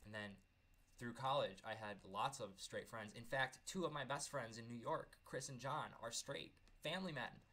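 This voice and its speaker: A man in his thirties tells a personal story in a vlog, earnest and candid, often stumbling over repeated words. His medium-pitched voice is bright and forceful, at a moderate pace.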